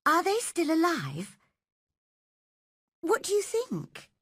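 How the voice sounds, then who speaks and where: A woman's voice: huge pitch swings, slow pace, fairly bright tone, no echo, clean studio sound, exaggerated voice. A woman voicing an anxious, eager young girl in a storybook reading. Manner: high and eager.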